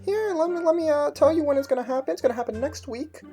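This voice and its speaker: A young man voicing a hesitant, apologetic woman English teacher in an animated story. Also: high-pitched, quick pace, soft background music, pitched above the performer's own voice. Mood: flustered. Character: flustered middle-aged woman English teacher.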